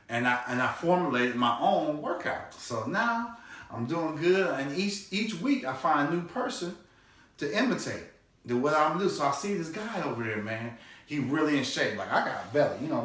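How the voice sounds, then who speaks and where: In an echoey room picked up by a distant mic, a stand-up comic tells a funny family story with loose, animated energy. Every so often he yells his father's swearing in a high-pitched voice.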